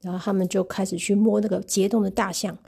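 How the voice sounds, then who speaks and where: A woman reading a picture book aloud and retelling each page gently. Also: mid-range voice, flat delivery, fast talker, vocal fry, slightly rough. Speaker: storybook reader.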